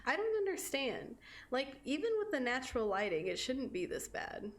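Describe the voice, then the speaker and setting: A young woman livestreams a game, her voice sitting high and sing-song at a moderate pace. She chats with viewers in a casual, giggly way and swears freely.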